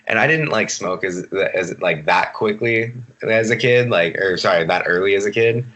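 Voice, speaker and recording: Bright and forceful, this fairly low male voice moves at a moderate pace. He's a late-twenties podcast guest on a video call, relaxed and rambling in casual chat, cursing without hesitation.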